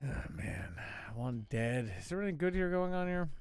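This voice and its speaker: A man's voice: mid-range voice, big pitch swings, normal speed, darkish tone, clean tone, dry recording. Sarcastic, profane man riffing on news. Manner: sarcastic, profane, mocking asides. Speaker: talk show host. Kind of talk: casual comedic news riff.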